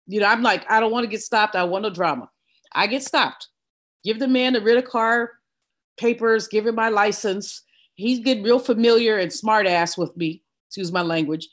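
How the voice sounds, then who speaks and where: An older woman, a guest in an interview, telling a personal story in a vivid, animated way. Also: mid-range voice, normal speed. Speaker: guest economist.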